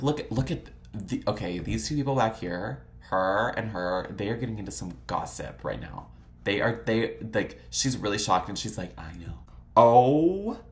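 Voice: mid-range voice, slight background noise. A vlog host chatting casually while browsing old photos, gushing and swearing freely, full of dramatic exclamations and "like" fillers.

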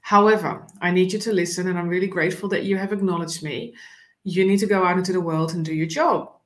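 A woman voicing a calm male snake as she retells a story, in her everyday storytelling voice. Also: fairly low pitch, fast, close to an everyday voice. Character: calm talking snake, male, under a fallen tree.

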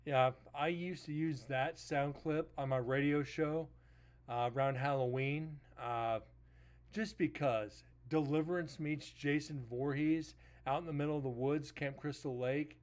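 Over a loud vehicle rumble, a man hosts a paranormal live stream, chatting and rambling casually. His tone stays steady and unhurried, and his laid-back manner has him talking straight to chat.

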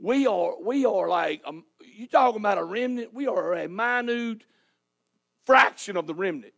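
A man's voice: high-pitched, expressive, moderate pace, gravelly, a bit bright. A man preaching a sermon as pastor in a church, emphatic and hollering. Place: church sanctuary.

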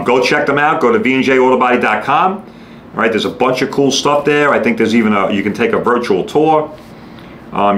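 A man's voice: medium pitch, fairly bright tone. A middle-aged man, hosting a podcast in a blunt, salesy monologue that swears freely and keeps asking "all right?". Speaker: podcast host. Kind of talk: casual monologue. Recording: echoey room, faint background noise.

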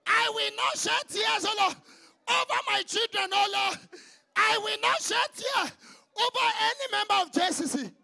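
A man leading prayer in a very high, gravelly voice, shouting fervent petitions in a chanting rhythm. His tone is sharp and piercing. Between prayers he drops into quieter exhortation. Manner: fervent, chanting repeated calls to the Lord. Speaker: prayer leader.

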